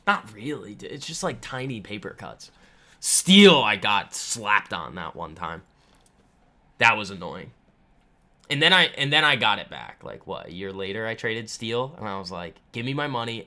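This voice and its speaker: A man with a bright, forward voice hosts a live trading stream from home. He talks loosely and confidently, full of fillers, with a touch of swagger as he answers the chat. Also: fairly low pitch, sing-song, normal speed. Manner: chatty and boastful, lots of fillers. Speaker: trading livestream host. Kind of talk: casual live market commentary, answering chat. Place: home room.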